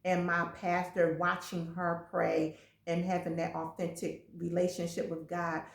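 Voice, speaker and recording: A woman's voice: on the low side, a little slow, creaky. A woman guest speaking earnestly in a casual faith talk, sharing her own story. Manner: earnest, testimonial, speeds up when excited. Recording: echoey room.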